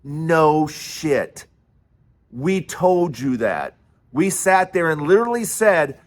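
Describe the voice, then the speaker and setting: A man with a fairly high voice hosts his own political commentary, ranting with fiery scorn. He mocks his targets sarcastically and swears freely. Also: big pitch swings, slow pace. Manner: sarcastic, mocking and profane.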